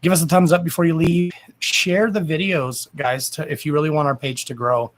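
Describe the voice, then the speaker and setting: A man's voice: a little high, steady tone, fairly quick. A man hosting a psychic-medium livestream from home, wrapping up in a chatty, blunt way with some swearing and a lot of affection for his viewers. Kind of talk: casual livestream sign-off chat. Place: at home, indoors. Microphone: camera microphone on a livestream. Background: a dog and faint noise.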